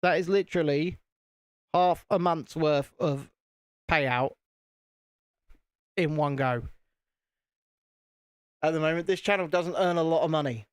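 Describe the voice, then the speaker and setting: A man's voice: fairly high pitch, measured pace, long pauses, clean tone, no room sound. A British man hosting a casual live stream, chatting to viewers while he builds and poking fun at himself. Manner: chatty, self-deprecating, talks to viewers.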